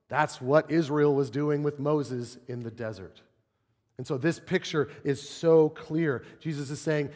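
A man's voice: medium pitch, moderate pace. A man preaching a sermon, telling stories and acting out the quotes he cites. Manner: animated storytelling, acts out quotes. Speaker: pastor. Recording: long reverb of a large hall.

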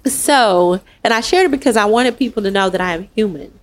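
A woman hosting a candid online panel talk, speaking earnestly and with animation, with quick asides and laughs, over a video call. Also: mid-range voice, expressive. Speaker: host and summit founder.

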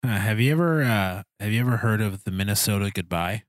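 Male podcast host, very low voice, loose rambling questions, dry close mic. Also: brisk, no echo. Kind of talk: casual conversational interview.

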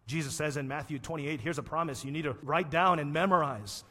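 A male pastor delivers a sermon in a high, bright voice. He builds rousing momentum through repeated phrases. His voice rings out with long reverb in a church hall. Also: a little fast.

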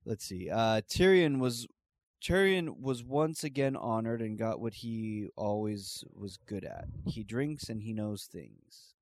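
A man in casual chat, relaxed and hesitant, with many fillers and restarts. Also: lowish voice, takes it slowly, no room sound.

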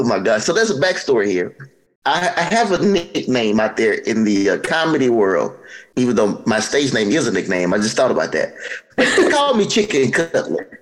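A man's voice: mid-range voice, low-quality recording. A young man hosting a comedy podcast, chatting casually and breaking into laughter as he reads a story aloud. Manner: laughs often while reading aloud. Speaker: podcast host.

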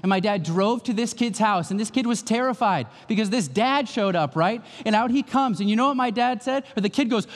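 A man's voice: very high voice, lively intonation, moderate pace, hardly any pauses. A man preaching a sermon as pastor, in an emphatic, conversational way. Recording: long hall reverb.

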